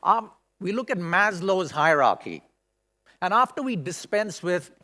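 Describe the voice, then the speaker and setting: A middle-aged man giving a conference keynote speech in a large hall, expressive and emotional, with many rhetorical questions. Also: high voice, unhurried. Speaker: keynote speaker. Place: large hall at a school event.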